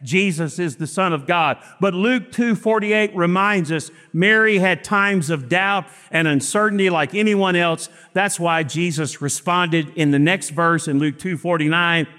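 A middle-aged preacher with a fairly high voice delivers his sermon in a church, his words trailing off into a long reverb. He slows down for emphasis and acts out the dialogue in his stories. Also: pushed and bright. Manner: storytelling with acted-out dialogue, slow emphatic phrasing.

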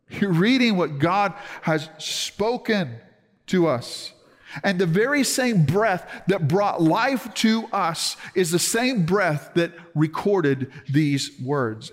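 A man preaching a sermon with earnest emphasis, slowing down to stress key words. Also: a little high, long reverb tail. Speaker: pastor.

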